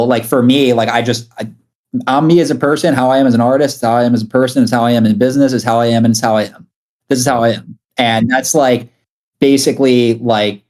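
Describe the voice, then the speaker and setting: This is a man talking as a guest on a podcast in loose, casual conversation. He rambles through his stories, stacking up filler words and dropping frequent curses. His voice sits at an ordinary, mid-range pitch for a man. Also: darkish tone. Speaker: guest music producer and artist.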